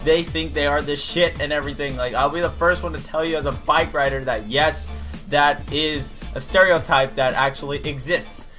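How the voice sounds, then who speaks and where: A man's voice: on the high side, normal speed, faint music behind. A young man casually telling a profane story and acting out the other people in it. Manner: animated, profane, acts out other drivers. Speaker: gaming video creator.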